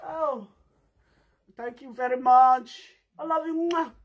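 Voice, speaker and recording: Shrill, slow-talking Nigerian woman wailing comically. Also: steady tone, dull audio. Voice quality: loud wailing and laughing, sing-song fake sobbing. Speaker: comic skit performer. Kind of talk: comic skit, mock crying in Pidgin English.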